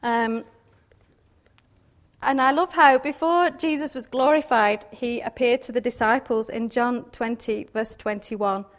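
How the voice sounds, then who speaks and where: Woman, informal Bible teacher, slightly high-pitched, chatty with frequent tag questions. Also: fairly even intonation, a little slow. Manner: chatty, laughs often, many tag questions. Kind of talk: informal devotional talk.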